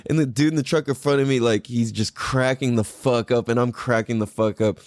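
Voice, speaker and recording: A man hosting a podcast, telling a story in a casual, profane and animated way. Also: medium pitch, a little fast, dry recording, clean studio sound. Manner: animated, profane, laughing often. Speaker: podcast host.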